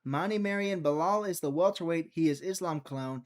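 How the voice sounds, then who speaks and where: A man's voice: on the high side, normal speed. Young Mississippi man chatting on stream. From Mississippi, USA. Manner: rambling, jokey, reads and answers chat aloud. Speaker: live stream host. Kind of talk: casual live stream chat.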